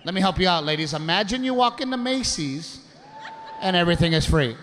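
A man tells stand-up stories on a comedy stage, animated and shouting some punchlines. His voice sits high for a man. The live recording carries clear audience noise. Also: a little fast. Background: audience laughter.

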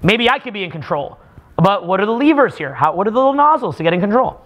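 A man leading a live workshop for a small group, talking in a profane, animated way with mock rants. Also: high voice, fast, lo-fi sound. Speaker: seminar speaker.

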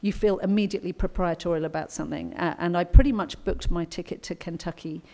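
A woman's voice: on the low side, fairly even intonation, quick pace, vocal fry, mellow. A middle-aged woman with an English accent, an author speaking at a conference luncheon in a chatty, anecdotal storytelling manner. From England.

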